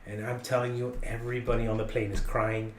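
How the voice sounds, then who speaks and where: A man telling a long story on a podcast in a casual, animated, jokey way. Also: a little fast, roomy sound, slight background noise. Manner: animated, jokey, rising in pitch for punchlines.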